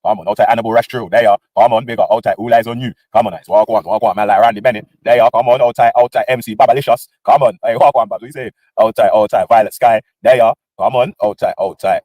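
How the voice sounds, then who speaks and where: A man's voice: lowish voice, steady tone, quick pace, hardly any pauses, warm tone, no echo. A British man hosting a livestream, ranting in casual street slang with lots of banter. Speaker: livestream host.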